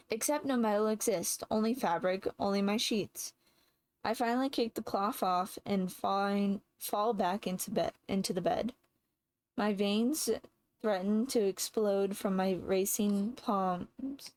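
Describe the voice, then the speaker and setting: Slow, measured woman reading a story. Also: mid-range voice, a little mellow, dry recording, poor audio. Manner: measured, with occasional slips and rereads. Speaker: narrator. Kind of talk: first-person audiobook reading.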